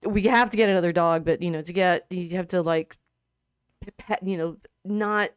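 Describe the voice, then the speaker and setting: A middle-aged woman co-hosting a casual livestream chat, talking in halting, restarting phrases while grieving and near tears. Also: fairly low pitch, clear, resonant tone, no room sound, clean studio sound. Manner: halting, many restarts, tearful. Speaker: co-host.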